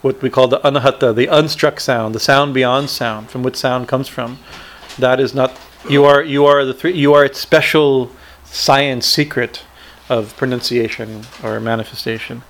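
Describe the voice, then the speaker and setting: A man explaining a Sanskrit hymn line by line, chanting verses slowly and talking with many fillers and repeated words. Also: medium pitch, fairly bright tone. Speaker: teacher explaining scripture.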